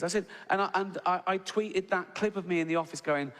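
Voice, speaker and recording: Animated man telling a stand-up story. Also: high-pitched, a little fast, hardly any pauses. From England. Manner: animated storytelling, acts out voices. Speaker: stand-up comedian. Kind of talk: stand-up routine. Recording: reverberant hall, audience noise.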